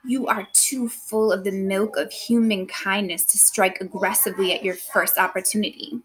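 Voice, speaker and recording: A woman's voice: mid-range voice, fairly even intonation, moderate pace, natural voice, rough recording. A woman teacher voicing a scheming, ambitious noblewoman, reading dramatically with a put-on accent. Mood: persuasive.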